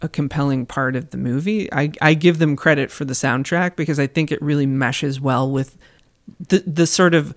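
A man with a fairly high voice and a gravelly fry, talking over a film on a podcast. He hesitates and searches for his words as he goes. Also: steady tone, moderate pace. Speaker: podcast co-host. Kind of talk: casual film discussion.

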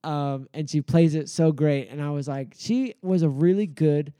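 A man co-hosting a casual podcast, his voice mellow and smooth and sitting a little high for a man. He rambles through his recaps with plenty of "uh" fillers and sounds amused. The recording is dry and close, with no room sound. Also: moderate pace, no echo. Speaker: podcast co-host. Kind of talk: casual chat recapping comedy sketches.

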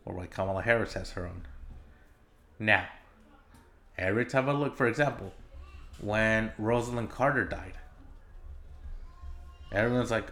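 A man's voice: fairly low pitch, moderate pace, long pauses, fairly bright tone. Exasperated, swearing man ranting solo. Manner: exasperated, profane, rambling with many fillers and restarts. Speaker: podcast host. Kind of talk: casual solo podcast rant.

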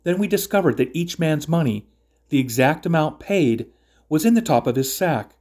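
A man's voice: a little high, expressive, normal speed, a little mellow. A man voicing a group of frightened brothers who anxiously explain themselves.

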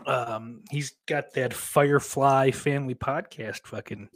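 A man's voice: medium pitch, steady tone, unhurried. A man hosting a livestream, reading chat comments aloud and rambling in a profane, self-deprecating way.

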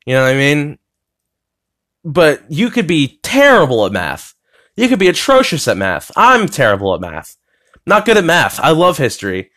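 A man's voice: fairly high pitch, a bit bright. Young man rambling on a solo podcast. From United States. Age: young adult. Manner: casual, swears, lots of fillers and restarts. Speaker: podcast host. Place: his bedroom.

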